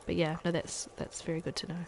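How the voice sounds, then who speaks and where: A woman's voice: fairly low pitch, level tone, fast, creaky, slight background noise, rough recording. A woman from New Zealand, a parent, chatting casually with viewers while she streams gameplay. She laughs often and trails off mid-sentence. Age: adult parent.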